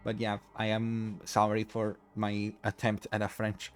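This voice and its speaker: A man with a fairly low voice hosts a late-night game stream, rambling to chat and giggling through his apologies. He sounds tired and drained, yet keeps the talk going. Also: completely flat delivery, a little slow, faint music behind. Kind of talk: casual live-stream chat.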